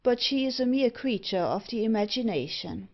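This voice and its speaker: A woman voicing a sinister male keeper in an audiobook, calm and measured. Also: a little high, muffled recording. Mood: cold.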